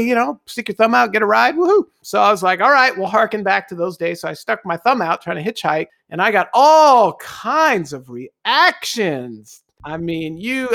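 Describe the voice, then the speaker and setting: A middle-aged man, a guest, telling a personal anecdote in a casual, animated way and acting out the voices he quotes. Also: sits high, no echo, clean studio sound. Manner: animated storyteller who acts out quoted voices.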